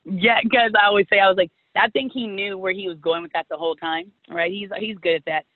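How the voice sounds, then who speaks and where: A woman in her thirties from California, a former softball player telling stories as a guest and acting out old conversations with animation. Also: mid-range voice, a little fast, dry recording. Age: 30s. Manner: animated, acts out past conversations. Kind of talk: storytelling interview. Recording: tinny phone-like call line, dry.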